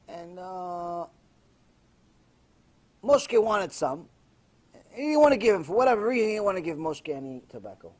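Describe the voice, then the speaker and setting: A man who is a rabbi, giving a Torah lesson as a sermon and telling stories emphatically, dropping to a hush and then rising loud. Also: high-pitched. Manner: emphatic storytelling, swinging from hushed to loud.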